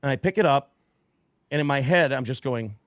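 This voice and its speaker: A man casually telling a profane, animated story on a podcast, acting out quotes. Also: mid-range voice, fairly quick, no echo, studio quality. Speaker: guest storyteller.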